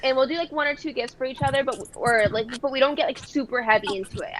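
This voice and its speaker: A woman with a fairly high voice chats easily on a podcast, and her talk is full of filler words. A faint hiss sits under the recording. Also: fast talker. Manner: relaxed, many filler words. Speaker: podcast co-host. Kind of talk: casual podcast chat.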